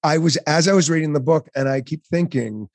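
A man's voice: on the high side, fairly quick, dry recording. Effusive man host, dry close sound. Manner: effusive, gushing, playful. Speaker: podcast host. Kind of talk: heartfelt interview.

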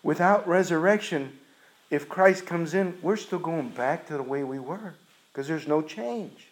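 A man's voice: a little high, measured pace, low-quality recording. A man preaching a sermon, retelling a scripture story in an earnest, emphatic way.

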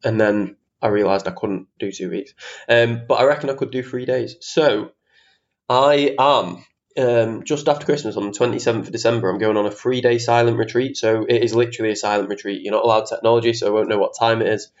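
Speaking a little fast in a mid-range voice with fairly even intonation, a young man runs a solo podcast monologue. He's chatty and ranty, swears casually, and makes fun of himself. The recording has a slightly dull, lo-fi quality.

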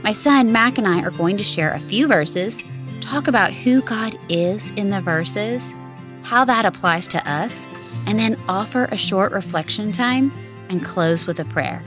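A woman in her thirties hosting a family prayer and meditation time, speaking slowly and encouragingly to her son. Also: mid-range voice, animated, over music. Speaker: host of family devotional. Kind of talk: gentle guided family devotional.

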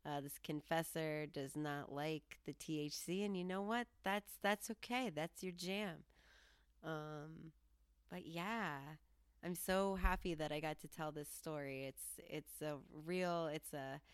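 A woman with a low, smooth voice tells a story in a loose, chatty way, laughing and putting on the people she quotes. The sound is dry and close, with no room around it. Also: a little slow, no room sound. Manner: animated, laughing, quoting herself and others. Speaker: podcast host. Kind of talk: casual storytelling monologue.

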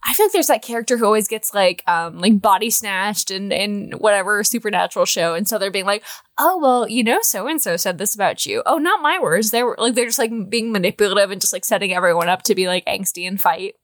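A woman's voice: medium pitch, fast talker, few pauses, no echo. A woman hosting a podcast, chatting casually and rambling with many fillers. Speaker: podcast host.

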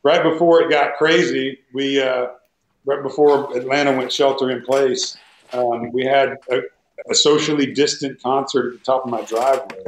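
A man's voice: medium pitch, fairly even intonation, normal speed, a little hiss or hum. A man, a guest musician, chatting casually from home on a video call, rambling in an easygoing way with many fillers. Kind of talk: casual conversation. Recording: echoey room with faint music.

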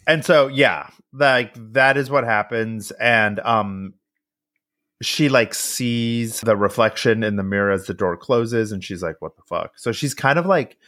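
A man co-hosting a podcast, casually recapping a film in animated bursts and acting out the characters' lines with plenty of swearing. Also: fairly low pitch, unhurried. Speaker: podcast co-host.

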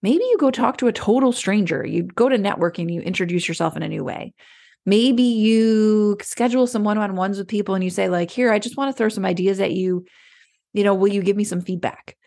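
A woman coach talks in a relaxed, conversational way, as if chatting with a friend. Her voice carries a noticeable gravelly fry. She keeps slipping into little acted-out inner voices to make her point. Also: medium pitch, brisk. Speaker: clarity coach. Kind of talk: casual motivational talk.

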